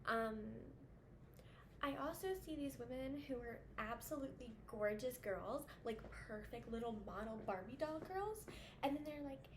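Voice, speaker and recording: A woman's voice: fairly high pitch, normal speed. Blunt, swearing young woman vlogger. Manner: blunt, swears a lot, chatty with many fillers. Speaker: vlogger giving dating advice to women. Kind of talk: casual to-camera rant. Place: indoors at home with air conditioner running. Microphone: camera facing her. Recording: audible background hum at home.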